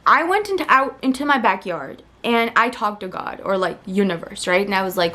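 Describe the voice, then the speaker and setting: A young woman telling a story to her camera in a chatty, digressive way, often laughing at herself and getting animated as she retells an argument. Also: medium pitch, brisk, hardly any pauses, a little hiss or hum. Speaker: vlogger. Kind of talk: casual storytime monologue.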